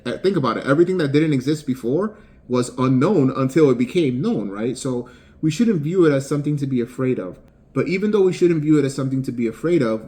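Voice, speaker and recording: A man's voice: mid-range voice, a little mellow. A man with an ordinary, mid-range voice talks through a motivational lesson in an unscripted, conversational way. He rambles, repeats words and leans on fillers as he thinks aloud about his work as a writer and game maker. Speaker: author and game developer. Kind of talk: casual motivational monologue.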